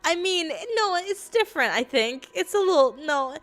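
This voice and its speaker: An American woman streamer reading a visual novel aloud and chatting in an animated, jokey way, often laughing. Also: very high voice, normal speed, soft background music.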